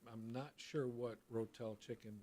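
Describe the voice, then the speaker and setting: A middle-aged chef speaking as a radio guest. He explains his views firmly in a mid-pitched voice, often restarting and checking with "right?". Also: steady tone, moderate pace, dark tone. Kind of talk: casual radio interview.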